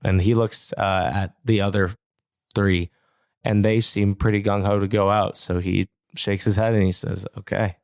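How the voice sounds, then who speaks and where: A man narrating a tabletop game as game master, relaxed with hesitant fillers. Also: on the low side, normal speed, vocal fry, clean tone, no room sound, studio quality.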